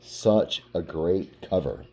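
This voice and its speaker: Deep, slow, dark-voiced man. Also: slight background noise. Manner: relaxed, rambling, lots of "like". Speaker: comic book collector. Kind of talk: casual collection vlog.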